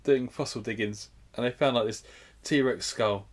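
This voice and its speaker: A man's voice: mid-range voice, moderate pace. A man co-hosting a casual comedy podcast, giggling and tossing in silly one-liners. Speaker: podcast co-host.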